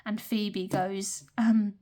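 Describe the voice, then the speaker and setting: A woman's voice: medium pitch, flat delivery, extremely slow, mellow. A young British woman chatting casually while counting cash into budget envelopes, often murmuring numbers under her breath. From Britain. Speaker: budgeting vlogger.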